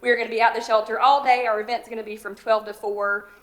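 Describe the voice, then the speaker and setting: Chatty woman with a bright, raised pitch. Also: level tone, quick pace, poor audio. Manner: chatty and upbeat with many fillers. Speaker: animal services director. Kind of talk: presentation at a public meeting. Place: county commission meeting room.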